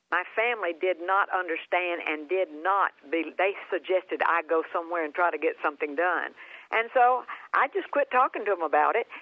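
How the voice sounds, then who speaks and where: A woman's voice: lowish voice, no room sound. A woman guest minister telling her healing story in an interview, earnest, often repeating and restarting words. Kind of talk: phoned-in interview testimony. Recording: tinny phone line.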